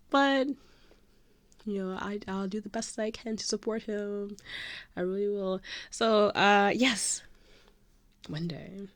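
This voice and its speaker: A young woman vlogger telling a story in a gushing, excitable way, full of "like" and jumping between high squeals and whispers. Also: takes it slowly, pauses often, dry recording.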